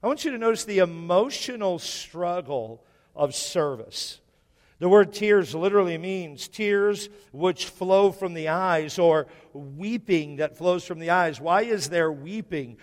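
Brief: male pastor, slightly high voice, preaches with repetition and questions to the room, reverberant church hall. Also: animated, measured pace. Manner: repeats key phrases, asks the congregation questions. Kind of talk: sermon. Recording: echoey hall.

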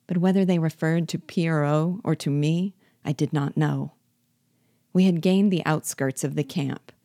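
Low-voiced woman reading a novel aloud. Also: dry recording, clean studio sound. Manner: measured, expressive storytelling. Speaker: reader.

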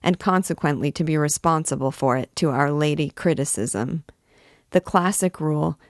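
Low-pitched lady reading an old novel aloud, steady and expressive, dry close sound. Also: dry recording. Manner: measured, expressive reading with voiced quotes. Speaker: reader of a classic novel. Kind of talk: read-aloud narration.

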